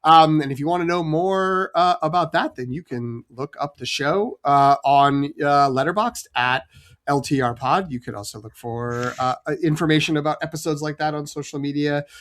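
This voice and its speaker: A man's voice: on the high side, moderate pace, a bit bright. A man co-hosting a podcast, chatty and self-deprecating, often restarting his sentences. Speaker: podcast co-host. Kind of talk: casual chat.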